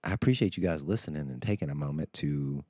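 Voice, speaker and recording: A man's voice: extremely low pitch, fast, warm tone, no room sound. A man, likely in his thirties, talking candidly as a podcast host in a casual monologue, acting out quoted lines as he tells a story. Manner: candid, conversational, acts out quotes.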